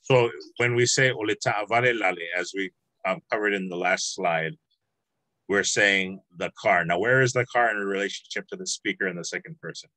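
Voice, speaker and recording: A man's voice: low-pitched, normal speed, bright, forceful tone, no room sound, poor audio. A man teaching a language class over a video call, patient and encouraging, drawing out words as he explains.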